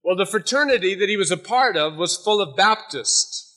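A man preaching a sermon in a bright, forceful voice pitched a little high. He moves from a light story into earnest exhortation. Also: lively intonation, normal speed. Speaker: pastor.

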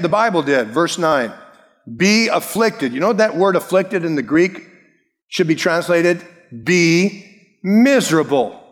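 A man preaching a sermon as pastor, emphatic, slowing down to stress key words and dropping soft and low in his appeals. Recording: long reverb of a large hall.

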